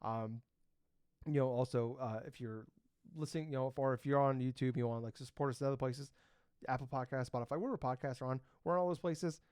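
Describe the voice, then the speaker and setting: A man's voice: mid-range voice, fast, darkish tone, clear, resonant tone, no room sound, studio quality. A man in his thirties co-hosting a casual gaming podcast, rambling with lots of fillers and the odd swear word. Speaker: podcast co-host. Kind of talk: casual chat.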